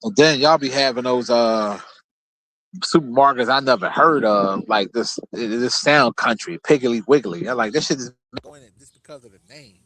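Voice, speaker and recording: A man's voice: medium pitch, moderate pace, fairly bright tone, no echo. A man hosting his own show, telling loose, rambling stories in a casual, profane, laid-back way. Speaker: show host. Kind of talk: casual storytelling monologue.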